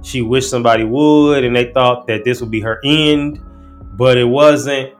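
A man's voice: medium pitch, steady tone, moderate pace, soft background music. Laid-back slangy male commentator. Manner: laid-back slangy talk with frequent restarts. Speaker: host. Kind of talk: casual commentary breaking down rap lyrics.

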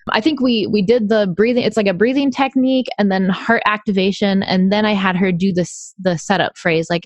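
A woman talking casually about her tapping practice, chatty with lots of fillers and quick laughs. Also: medium pitch, steady tone, no echo. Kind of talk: casual podcast conversation.

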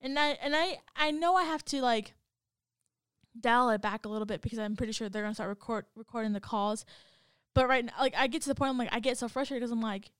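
A woman's voice: on the high side, fast, smooth, no room sound, clean studio sound. A woman in casual chat, rambling and venting, with many fillers.

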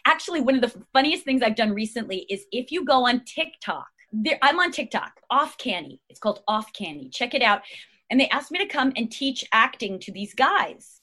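Guest actress, woman in her 50s, slightly high, rambling and giggly. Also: very animated, moderate pace, pushed and bright. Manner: rambling, chatty, laughs often. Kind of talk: casual chat.

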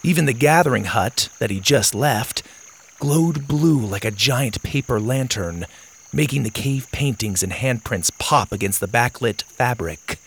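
A man narrating a children's adventure audiobook in an expressive reading. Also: medium pitch, unhurried, vocal fry, husky.

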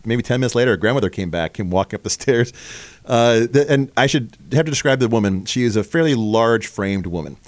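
A man's voice: on the low side, dry recording. A man hosting a casual podcast chat, telling a long story and acting out the voices of the people in it. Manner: animated storyteller, acts out voices. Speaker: podcast host.

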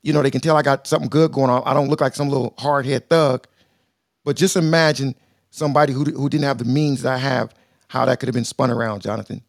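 A businessman hosting a live audio show, chatting loudly and playfully and calling out listeners by name. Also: mid-range voice, steady tone, fast, creaky, dry recording, studio quality. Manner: loud, playful, calls people out by name. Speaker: host. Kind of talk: casual chat.

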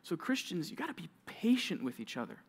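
A man preaching a sermon to junior high students, lively and conversational, acting out grumbling teens in quick asides. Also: slightly rough. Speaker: youth pastor.

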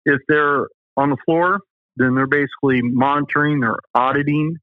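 This Southern US man speaks on the high side at a normal speed, his intonation fairly even, with no echo on a tinny phone-like line. He's a safety company owner giving an interview and telling folksy, emphatic stories.

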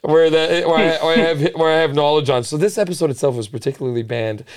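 A man hosting a casual chat, telling a crude story in an animated, laughing way. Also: on the high side, fast talker, clean tone. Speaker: podcast host.

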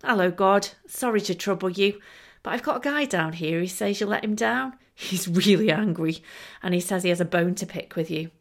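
A woman voicing a patient male gatekeeper saint who calms an angry man. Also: medium pitch, moderate pace, natural voice. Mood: placating. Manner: calm, placating.

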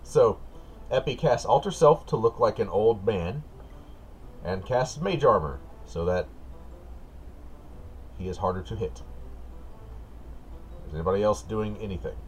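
A man running a tabletop game as game master, setting scenes in a relaxed, patient way. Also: on the low side, a little slow, long pauses, slight background noise.

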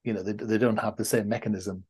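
A man's voice: fairly low pitch, fairly even intonation, quick pace, darkish tone, slightly rough. A man hosting a podcast interview, asking reflective questions and thinking aloud with frequent restarts. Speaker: podcast host.

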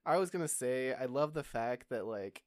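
A man's voice: medium pitch, animated, moderate pace, no echo, studio quality. A man co-hosting a casual chat, often stammering and restarting his sentences. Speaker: podcast co-host. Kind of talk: casual banter.

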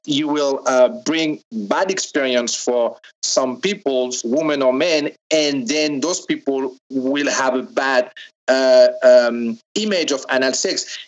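A man's voice: medium pitch, poor audio. A man with a French accent, a podcast guest explaining his topic in a hesitant way, often restarting and repeating words. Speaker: guest, sex toy maker. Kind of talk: casual podcast interview.

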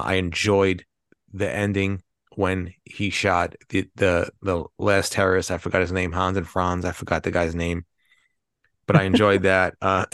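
Deep-voiced man, rambling and swearing. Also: a bit bright, no echo, studio quality. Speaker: podcast co-host. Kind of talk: casual movie chat.

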